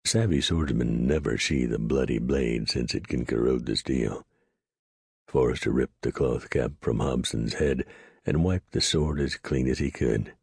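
A man narrating an audiobook in a steady, measured storytelling voice. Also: rumbling low, slightly rough, dry recording, clean studio sound. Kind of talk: scripted narration.

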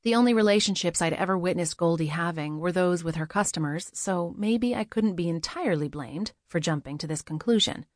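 A woman narrates a first-person story in a measured, steady way, reading it aloud as an audiobook. Her voice is on the low side, and the recording is dry and close with no room sound. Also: no echo.

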